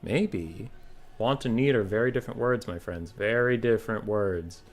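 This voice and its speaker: A man streaming a strategy game, chatting casually and brashly with his viewers, swearing freely and reacting out loud. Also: lowish voice, normal speed. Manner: brash, swearing, animated, talks to chat. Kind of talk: casual gaming stream chat.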